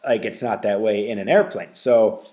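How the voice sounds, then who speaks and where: A man's voice: lowish voice, moderate pace, a little mellow. A man hosting his own podcast, talking alone in a blunt, profane, ranting way and leaning on fillers and tag questions like "right?". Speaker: podcast host. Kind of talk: casual solo podcast rant.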